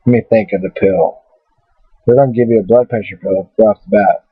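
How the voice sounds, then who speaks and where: A man's voice: on the low side, lively intonation, brisk, creaky, slightly rough, no room sound. A man telling a personal story to his webcam in a rambling, blunt way, swearing freely. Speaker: vlogger. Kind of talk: casual storytelling to camera. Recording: tinny phone-like webcam audio.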